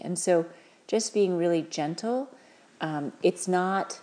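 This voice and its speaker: A woman giving parents earnest, gentle advice, talking with frequent fillers and restarts. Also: on the low side, slow pace. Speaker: parenting advisor.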